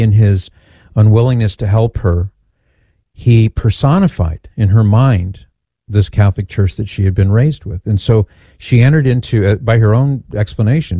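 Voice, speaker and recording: A man telling a personal story in an earnest, measured way, often repeating phrases for emphasis. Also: on the low side, warm tone, dry recording.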